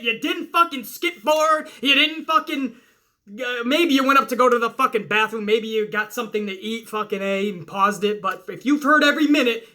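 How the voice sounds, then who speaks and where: High, bright-voiced profane wrestling host. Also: male voice. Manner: profane, animated, hyped rambling. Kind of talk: casual Q&A livestream chat.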